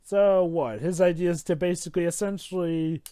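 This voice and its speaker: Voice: mid-range voice, moderate pace, mellow, clear, resonant tone, dry recording, clean studio sound. A speaker doing jokey, casual group commentary while watching a movie. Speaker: commentary co-host.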